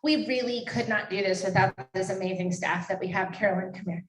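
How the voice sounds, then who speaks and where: A woman's voice: medium pitch, fairly quick, a crowd in the background. A woman making an emotional, chatty fundraising appeal into a handheld microphone at a live event, laughing and tearing up. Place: event hall. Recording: echoey hall, distant mic.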